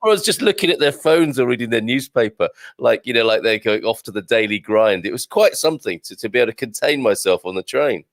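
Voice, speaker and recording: A man's voice: medium pitch, expressive, fast, few pauses, dry recording. A man hosting a casual chat, enthusiastic and effusive. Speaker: host.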